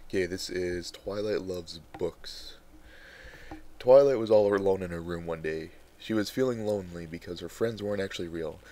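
Deep-voiced man reading aloud wryly. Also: a little mellow. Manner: wry, exasperated asides between readings. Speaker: host reading fan fiction aloud. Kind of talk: casual dramatic reading.

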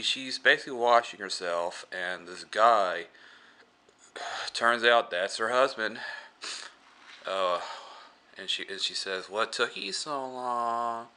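A man's voice: low voice, sharp tone. A man giving a casual movie review, rambling with many fillers and restarts.

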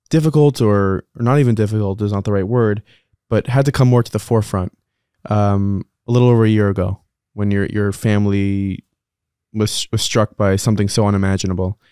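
A man's voice: lowish voice, mellow, smooth, no room sound, clean studio sound. A man hosting a podcast interview in a chatty, casual way with many fillers and restarts. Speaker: podcast host.

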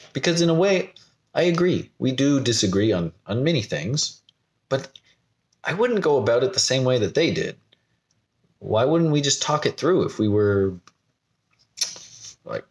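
A young man from the United States talking candidly to camera in a vlog, rambling and laughing at himself. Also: fairly low pitch. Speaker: vlogger. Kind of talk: personal talk to camera.

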